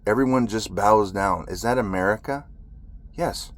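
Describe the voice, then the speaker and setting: A man's voice: lowish voice, moderate pace. A man who is a military veteran, telling a story in an agitated, profane ranting monologue.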